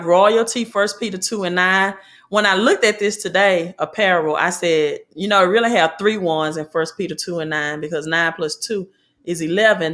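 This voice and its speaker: A woman's voice: fairly low pitch, fairly bright tone. A woman with a Southern American accent, hosting a motivational business talk and preaching in repeated slogans and alliterations. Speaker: host.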